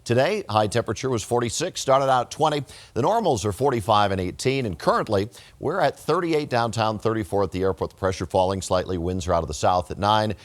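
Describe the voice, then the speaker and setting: A male weather forecaster with a somewhat low voice delivers the evening forecast on local TV. His manner is easygoing and conversational, with casual phrasing slipped into the broadcast. The sound is clean studio audio from a lapel mic. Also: lively intonation, fairly quick, hardly any pauses. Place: television studio.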